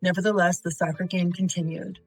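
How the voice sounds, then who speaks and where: A woman's voice: fairly low pitch, level tone, fairly quick, faint music behind, low-quality recording. A woman teaching a recorded video lesson on essay writing, methodically reading example sentences aloud and quizzing the viewer before giving the answers.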